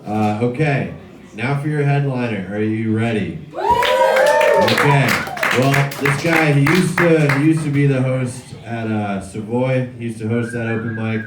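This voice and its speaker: A man's voice: medium pitch, wildly swooping pitch, measured pace. Hyped male emcee in a rowdy club. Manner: hyped, loose introductions. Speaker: comedy showcase host. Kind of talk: emceeing a comedy show. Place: comedy club stage. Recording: echoey club, far from the mic, loud crowd and noise. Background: audience cheering.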